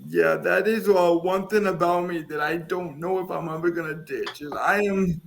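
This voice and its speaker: A man in his thirties from the American Midwest talks with a notably high, gravelly voice. He chats loosely on a podcast, wandering through his stories and joking at his own expense. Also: normal speed, slight background noise. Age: 30s. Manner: chatty, rambling, self-mocking. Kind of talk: casual podcast chat.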